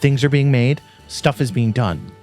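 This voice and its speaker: A man's voice: medium pitch, a little mellow, soft background music, natural voice. A man voicing a fussy female shopkeeper who scolds a pushy customer. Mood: scolding. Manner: scolding, brisk.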